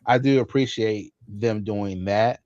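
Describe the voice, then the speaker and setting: A man's voice: fairly low pitch, measured pace, darkish tone, no room sound. A man co-hosting a tech podcast in laid-back casual chat, swearing easily and laughing as he mimics others. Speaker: podcast co-host. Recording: dull, dry lo-fi audio.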